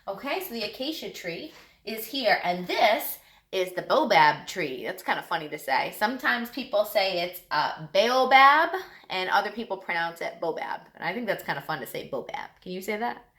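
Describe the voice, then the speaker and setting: A woman teacher giving a lesson to young children, talking in a lively, sing-song way. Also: medium pitch, normal speed, echoey room.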